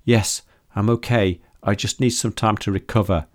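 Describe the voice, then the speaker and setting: A man's voice: lowish voice, steady tone, normal speed, no room sound, clean studio sound, natural voice. A man reading a terrified heroine. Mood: shaken. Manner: shaky, breathless. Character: terrified young woman heroine. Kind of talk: audiobook character voice.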